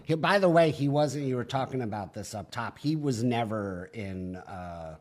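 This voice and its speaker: Halting male comedian guest. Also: medium pitch, lively intonation, a little mellow. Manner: halting, restarting sentences. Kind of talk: casual chat.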